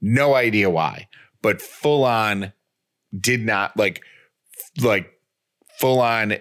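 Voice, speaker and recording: A man's voice: on the low side, expressive, takes it slowly, long pauses, fairly bright tone. A man co-hosting a podcast, telling a story casually in a rambling way. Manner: rambling storyteller, frequent fillers and restarts. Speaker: podcast co-host. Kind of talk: casual chat.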